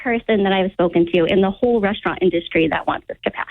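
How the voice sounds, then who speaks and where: A woman's voice: medium pitch, fast, vocal fry, no echo. A woman calling in to a radio show, giving blunt, short, emphatic answers. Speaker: caller, restaurant worker. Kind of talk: phone-in talk. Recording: tinny phone line.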